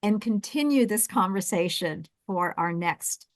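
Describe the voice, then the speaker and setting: Animated South Jersey woman coaching. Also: mid-range voice, unhurried, dry recording. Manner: animated, repeats words when restarting. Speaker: webinar host and intercultural coach. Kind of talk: conversational webinar coaching.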